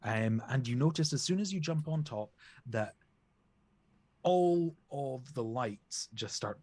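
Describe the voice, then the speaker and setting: A man's voice: medium pitch, expressive, slow, a little mellow. A man narrating as game master in a playful way, often stammering and restarting his sentences.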